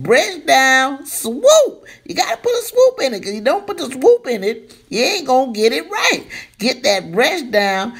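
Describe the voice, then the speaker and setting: A woman in her fifties giving a casual, playful hair tutorial, breaking into excited squeals. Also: fairly low pitch. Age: 50s. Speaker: beauty vlogger.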